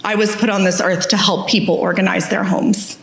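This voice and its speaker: A woman's voice: medium pitch, flat delivery, fairly quick, vocal fry. A woman giving a candid, self-deprecating talk on stage, telling her story with humor. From Texas. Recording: echoey hall.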